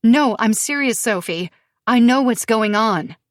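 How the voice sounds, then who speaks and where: A woman's voice: fairly high pitch, lively intonation, a little slow, no room sound, studio quality, pitched above the performer's own voice. A woman narrator voicing a frightened, desperate young wife in an audiobook thriller, urgent and insistent. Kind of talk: audiobook character voice.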